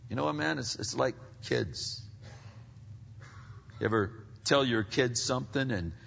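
A man preaching a sermon as pastor, animated and swinging from quiet asides to loud climaxes. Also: medium pitch, unhurried, creaky, slight background noise. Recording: long reverb, dull lo-fi sound.

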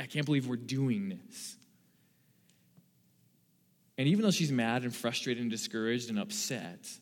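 A young male youth pastor preaches in an earnest, personal way, his voice at an everyday middle pitch. He swings between loud, stressed lines and quiet, hushed asides. His sermon rings out with a long echo through a big hall. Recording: long reverb of a large hall.

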